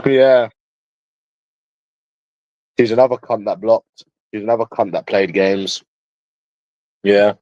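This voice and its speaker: A man's voice: lowish voice, slow pace, pauses often, darkish tone, no echo. A man with a London accent talking casually to viewers in a rambling, crude way, swearing freely. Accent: London English. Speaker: livestreamer. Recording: dull lo-fi dry sound.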